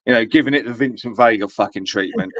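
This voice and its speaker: A man's voice: medium pitch, quick pace, a bit bright, no echo. Sweary British man mimicking others. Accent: British English. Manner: swearing, mocking impressions of others. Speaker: co-host. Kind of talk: casual chat. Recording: dull lo-fi dry sound.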